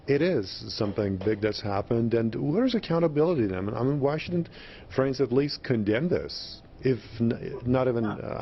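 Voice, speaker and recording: A man's voice: medium pitch, vocal fry. A man presenting a news program, interviewing a guest and pressing with follow-up questions. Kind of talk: broadcast interview. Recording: dull lo-fi broadcast audio with faint noise.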